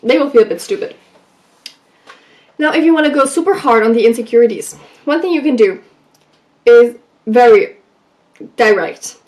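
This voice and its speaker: A woman vlogger giving advice in a casual, animated way, telling stories from her school days and acting out what people said. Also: on the high side, moderate pace, long pauses. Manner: animated, acts out quoted lines. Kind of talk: casual storytelling advice vlog.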